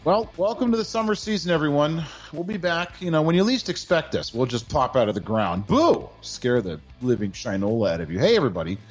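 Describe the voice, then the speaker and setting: A man's voice: on the high side, animated, fast talker, few pauses, husky, dull audio, faint music behind. A male podcast co-host giving a sarcastic, mock-formal award speech in casual sports banter.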